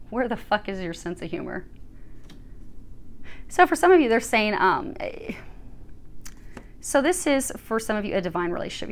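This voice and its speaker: A woman giving a casual spiritual tarot reading, chatty and earnest, laughing often and swearing offhandedly. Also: mid-range voice. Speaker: tarot reader.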